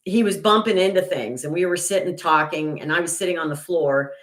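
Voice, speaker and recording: An older woman chats away on her own livestream with a lower-pitched voice. She rambles through her thoughts with plenty of fillers and restarts. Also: a little fast. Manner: indignant, gets loud and high when retelling an argument. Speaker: channel host. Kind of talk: casual livestream chat.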